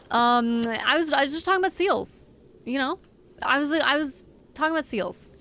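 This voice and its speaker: A woman's voice: high-pitched, animated, moderate pace, bright, forceful tone. A young woman streaming a game live, chatting casually with her viewers in a rambling, giggly way. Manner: rambling, giggly, talks to chat.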